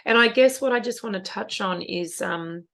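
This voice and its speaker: A woman's voice: medium pitch, normal speed, gravelly, a bit bright. A middle-aged woman co-hosting a podcast, talking in an earnest, emotional, reflective way about parenting and feelings. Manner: earnest, emotional, spiritual wording. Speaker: podcast co-host. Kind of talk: casual reflective chat.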